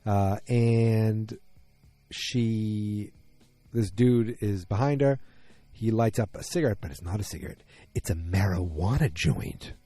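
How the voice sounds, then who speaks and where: A man's voice: fairly low pitch, unhurried, warm tone. Rambling man recapping a TV episode. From Massachusetts. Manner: rambling, acts out quotes in little voices. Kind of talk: casual recap monologue.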